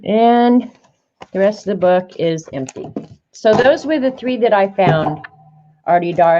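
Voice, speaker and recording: Older woman, casual rambling chat, lowish voice, slightly muffled lo-fi recording. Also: slight background noise. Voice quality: chatty, rambling, warm-hearted reminiscing. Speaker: art vlogger. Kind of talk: casual chat while flipping through journal pages. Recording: slightly dull lo-fi sound.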